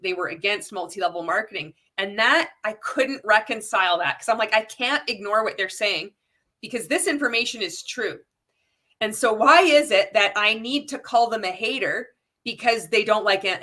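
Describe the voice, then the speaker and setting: Bright, impassioned woman vlogger. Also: mid-range voice. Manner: impassioned, rhetorical questions, many restarts. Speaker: anti-MLM video creator. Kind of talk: casual direct-to-camera commentary.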